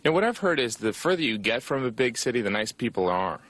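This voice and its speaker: A man from Indiana voicing a cartoon comedian in therapy, delivering a dry, deadpan stand-up monologue. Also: mid-range voice, fast talker.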